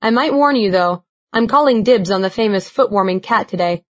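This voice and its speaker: A woman voicing a polite older man with a low gravelly voice, hoarse from a cold, courteous and a little flustered, in an audiobook. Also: lively intonation, brisk, highs cut off, natural voice.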